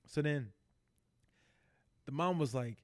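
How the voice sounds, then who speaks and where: A man co-hosting a podcast, excitedly retelling a TV episode in casual chat, acting out the characters and swearing freely. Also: a little high, slow. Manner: animated storyteller acting out characters, heavy swearing. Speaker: podcast co-host.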